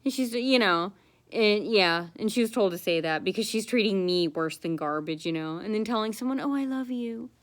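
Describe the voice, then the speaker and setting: A woman's voice: lowish voice, normal speed. A woman telling a long personal story to the camera in a casual, rambling, aggrieved way, full of fillers and restarts. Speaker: vlogger.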